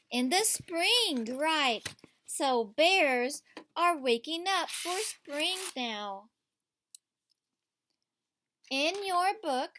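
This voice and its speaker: A woman's voice: high-pitched, fairly bright tone, slight background noise. A woman teacher reads a picture book aloud to children. She reads with expression and stops to ask the children questions.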